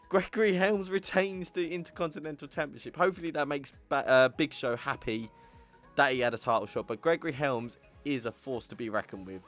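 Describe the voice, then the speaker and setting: A man with a medium-pitched voice hosts a gaming channel, giving casual commentary on game results in a playful put-on accent. He exclaims at surprises and addresses viewers as ladies and gentlemen.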